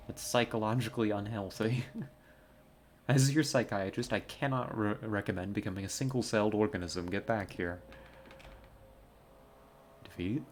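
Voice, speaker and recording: A man's voice: on the low side, normal speed, pauses often, slight background noise. A man streaming a horror adventure game, playing along with playful, joking asides. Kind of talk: let's play commentary.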